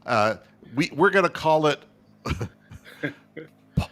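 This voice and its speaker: Bright-voiced joking sports co-host man. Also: on the high side, animated, slow. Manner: rambling, joking, crude. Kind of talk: casual sports banter.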